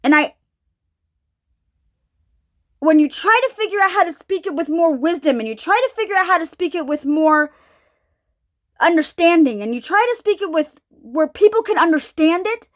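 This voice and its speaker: High, lively-voiced woman preacher. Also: normal speed, pauses often. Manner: searching, repeats herself, asks the audience questions. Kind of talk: informal sermon.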